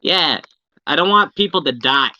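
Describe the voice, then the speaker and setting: A man playing a tabletop game, talking in an animated, rambling, slangy way. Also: a little high, normal speed, lo-fi sound. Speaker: player. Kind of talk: casual tabletop game chat.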